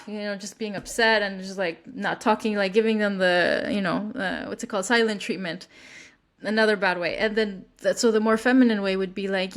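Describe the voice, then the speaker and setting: A woman's voice: steady tone, fairly quick, fairly bright tone. A woman hosting a podcast, talking casually with many restarts and acting out example lines. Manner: rambling, many restarts and fillers; acts out quoted lines with lifted pitch. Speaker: podcast host. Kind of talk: casual chat.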